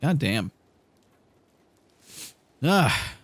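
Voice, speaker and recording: A man's voice: mid-range voice, big pitch swings, drawn-out words, a bit bright, breathy edge, dry recording. A man giving emotional, sweary let's-play commentary while playing a story game. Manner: emotional, swearing, laughing reactions. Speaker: gaming video host.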